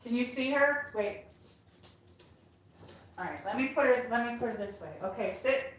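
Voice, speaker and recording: A woman's voice: on the high side, moderate pace, roomy sound, slight background noise, rough recording. A woman hosting a casual livestream from her home, chatting with viewers and coaxing her dog. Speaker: livestream host. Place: room at home.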